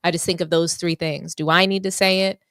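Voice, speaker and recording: A woman in her thirties hosting a sports talk show, giving frank and measured opinions. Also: lowish voice, level tone, fairly bright tone, smooth, no room sound, clean studio sound. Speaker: podcast host. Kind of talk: casual commentary.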